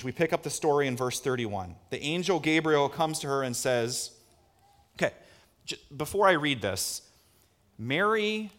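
Preaching with a voice that's a little high, this male pastor delivers an earnest sermon packed with rhetorical questions, shifting from hushed lines to emphatic ones.

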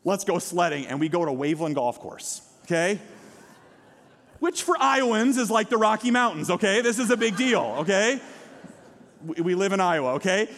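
A man preaches a sermon from a church stage. His voice sits high, and he acts out the people in his stories. The sound carries a long hall reverb. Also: fairly quick. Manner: animated storytelling with quoted voices. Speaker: pastor. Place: church sanctuary.

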